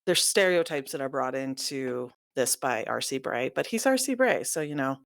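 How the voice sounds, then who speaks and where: A woman from the American Southwest with a low voice, chatting about books on a podcast. She is chatty and laughs often, and her voice sounds dry and close. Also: lively intonation, normal speed, vocal fry, no room sound. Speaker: guest co-host. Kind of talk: casual book-review chat.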